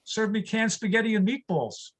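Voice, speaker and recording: A man in his sixties from New York, telling wry, rapid-fire one-liners in a stand-up comedy set on a stage mic. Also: high voice, poor audio. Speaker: stand-up comic.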